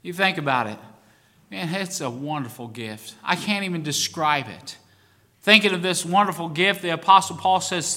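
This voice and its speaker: A male pastor with a high, bright voice delivers a sermon. He drops low for quiet asides and then climbs into ringing emphasis, with a long echo trailing off the walls of a church hall. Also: normal speed. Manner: preaching with rising bursts of emphasis.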